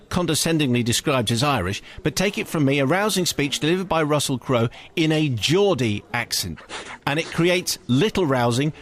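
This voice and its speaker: A male radio host leading the chat in a relaxed, joking way, with stumbling starts. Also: on the high side.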